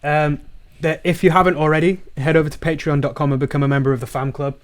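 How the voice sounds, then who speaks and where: A man co-hosting a podcast, speaking in a relaxed, matter-of-fact way as he points listeners to the show's support page. His voice sits a little high for a man. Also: fast talker. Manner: relaxed, plugs the show matter-of-factly. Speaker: podcast co-host. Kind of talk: casual chat.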